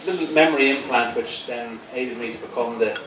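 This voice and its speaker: A man's voice: medium pitch, a little fast, a bit bright. Profane man doing stand-up. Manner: profane, sardonic, rambling. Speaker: stand-up comedian. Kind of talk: live stand-up set. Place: comedy gig venue, indoors. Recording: roomy, distant mic, crowd noise. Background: audience laughter.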